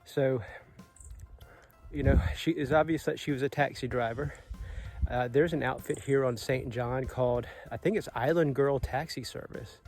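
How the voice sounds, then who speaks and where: A man's voice: medium pitch, moderate pace, darkish tone, soft background music. A man in his late forties giving an earnest, motivational vlog talk outdoors, swearing casually. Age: 40s. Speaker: vlogger. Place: outdoors on a Caribbean island.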